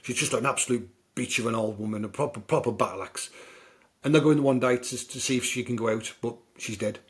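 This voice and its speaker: A British man hosts a podcast, recapping films in a loose, chatty way. His medium-pitched voice moves briskly as he rambles and tells stories packed with fillers.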